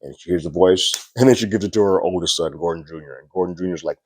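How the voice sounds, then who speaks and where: A man's voice: deep voice, fast, darkish tone, breathy edge, dry recording. A man reviewing a TV episode in a casual, conversational recap, slipping into the characters' lines as he retells the plot. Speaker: TV series reviewer.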